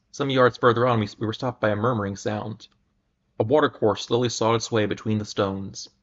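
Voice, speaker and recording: A man giving a dramatic reading of an old adventure story at a measured pace, sometimes stumbling and restarting words. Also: mid-range voice. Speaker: reader. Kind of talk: dramatic reading of pulp fiction. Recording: muffled lo-fi recording.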